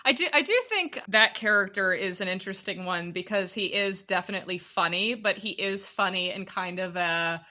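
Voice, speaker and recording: A woman's voice: medium pitch, normal speed, few pauses, bright, forceful tone. A woman chatting as a podcast guest, giggly and thinking aloud as she talks. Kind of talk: casual podcast chat.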